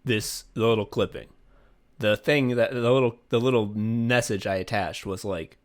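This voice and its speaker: A man co-hosting a podcast in casual chat, excitable and rambling, breaking into laughter. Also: fairly low pitch, moderate pace. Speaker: podcast co-host.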